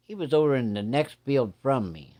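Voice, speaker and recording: A man telling a first-person ghost story in a plain-spoken, folksy way, building suspense with slow, deliberate pacing. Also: medium pitch, lively intonation, warm tone. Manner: plain-spoken, drawling, folksy rural grammar.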